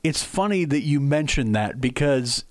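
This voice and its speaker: A man's voice: mid-range voice, lively intonation, normal speed. Casual, chatty male radio host. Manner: casual, rambling, friendly with filler restarts. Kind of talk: interview conversation.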